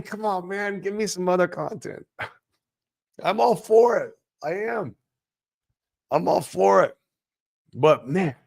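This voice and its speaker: A man hosting a casual crypto livestream, brash and profane, swinging between loud hype and mumbled asides as he reads chat comments. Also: mid-range voice.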